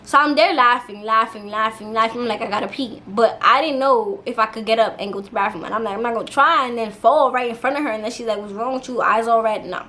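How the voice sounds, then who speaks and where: A young woman with a slightly high voice tells a storytime straight to camera. Her delivery is loose and animated, full of slang and casual swearing. A faint hiss of room noise sits under her voice. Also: fast, few pauses. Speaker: YouTuber.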